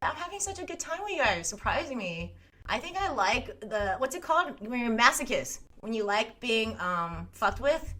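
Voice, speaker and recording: Bright-voiced woman streamer, swearing and candid. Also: a little high, big pitch swings, normal speed, faint music behind. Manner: candid, swears freely, laughs often, rambling asides. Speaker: streamer chatting with viewers. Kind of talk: casual livestream chat.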